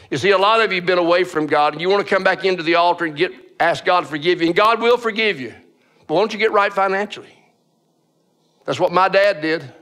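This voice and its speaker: A man's voice: fairly high pitch, fairly bright tone. A male pastor preaching a sermon in a church, telling a story with lots of stammered, repeated starts.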